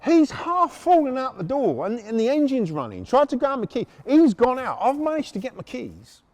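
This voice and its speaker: A middle-aged man hosting a podcast, telling a story in an animated, sweary, self-mocking way. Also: very high-pitched, moderate pace. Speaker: podcast host. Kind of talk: storytelling monologue.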